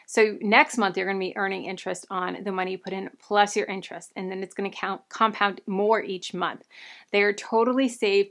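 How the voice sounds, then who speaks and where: A woman's voice: mid-range voice, a bit bright. A young woman talking through personal finance tips in a casual, upbeat way, a little out of breath from her pregnancy. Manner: upbeat, friendly, enthusiastic recommendations. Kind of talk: casual advice talk to camera.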